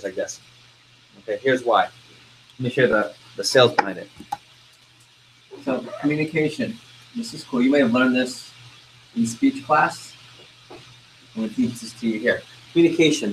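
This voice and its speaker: Lively male sales trainer quizzing a class. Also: mid-range voice, slight background noise, poor audio. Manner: energetic, keeps asking the class questions. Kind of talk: interactive training talk.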